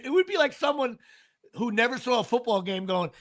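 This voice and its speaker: A man's voice: very high-pitched, lively intonation, brisk, a bit bright. A middle-aged man hosting a casual podcast, telling rambling stories full of fillers and restarts. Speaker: podcast host. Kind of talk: casual chat.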